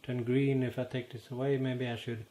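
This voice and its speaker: A man with a Norwegian accent, a native Norwegian speaker, explaining an idea to camera in a halting way and often pausing to search for words. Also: medium pitch, level tone, warm tone. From Norway. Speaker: channel host. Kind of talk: casual explanatory monologue. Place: in front of a green screen.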